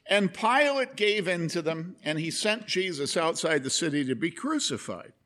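A man's voice: fairly high pitch, expressive, moderate pace, pushed and bright. A man preaching a sermon, telling a story with lots of energy and asking the congregation questions. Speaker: pastor.

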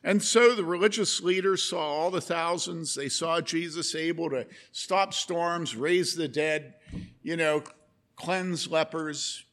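A man's voice: a little high, slow pace, a bit bright. A man preaching a sermon, telling a story with lots of energy and asking the congregation questions. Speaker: pastor.

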